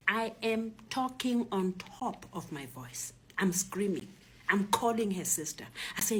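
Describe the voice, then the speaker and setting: Hushed South African woman telling her story. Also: mid-range voice, expressive, husky. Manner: hushed, often near-whispered, halting with repeated restarts. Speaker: interviewee recounting a robbery. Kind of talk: personal testimony storytelling.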